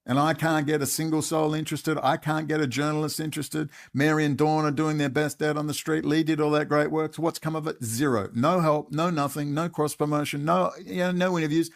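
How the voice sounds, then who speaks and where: A man's voice: a little high, fairly even intonation, a little fast, creaky, hardly any pauses. A man with an Australian accent giving an angry, intense monologue full of swearing. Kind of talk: ranting monologue.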